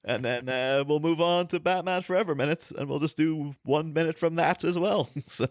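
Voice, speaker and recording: A man's voice: fairly high pitch, normal speed, no room sound, clean studio sound. A man co-hosting a podcast, rambling with lots of fillers and restarts, laughing as he goes. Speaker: podcast co-host. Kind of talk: casual chat.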